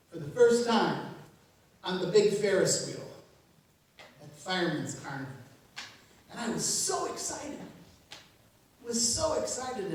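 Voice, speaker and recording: A woman pastor in her fifties preaching a sermon in a relaxed, humorous way, laughing along with her own jokes. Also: mid-range voice, slight background noise. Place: church sanctuary. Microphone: distant room mic. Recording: very echoey church from far off.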